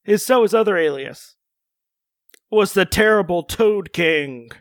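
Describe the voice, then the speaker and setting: A man's voice: high voice, lively intonation, measured pace, dry recording, studio quality. A man co-hosting a casual podcast chat, reading out a character profile with joking asides. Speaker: podcast co-host.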